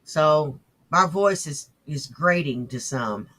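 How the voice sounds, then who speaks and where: A man's voice: a little high, animated, takes it slowly, bright, forceful tone. A man hosting a profane reaction show, mocking and sarcastic as he talks back to clips. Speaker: host.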